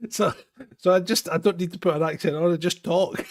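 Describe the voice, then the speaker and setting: A man's voice: high-pitched, dry recording, clean studio sound. A Scottish man hosting a live phone-in stream, chatting in a rambling, self-mocking way with chuckles. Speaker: host of a live phone-in show. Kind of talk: casual live-stream chat.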